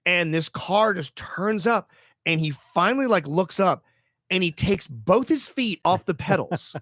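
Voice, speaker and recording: A middle-aged man with a fairly high voice, telling stories on a comedy podcast. He acts out the people in them, now and then shouting. The sound is close and dry, with no room around it. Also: animated, unhurried, no room sound. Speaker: podcast co-host. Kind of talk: casual comedic storytelling.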